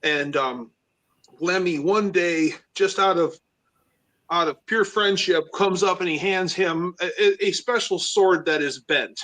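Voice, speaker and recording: A man's voice: high voice, unhurried, a bit bright. A man hosting a live stream, telling rambling stories and acting out the quotes. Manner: rambling storyteller, acts out quotes. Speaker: host. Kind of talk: casual live-stream chat.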